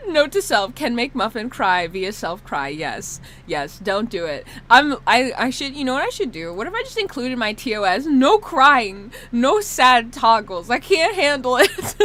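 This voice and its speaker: A woman streamer chatting casually during a live stream, animated and laughing often, with mock sobbing and some swearing. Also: a little high, moderate pace.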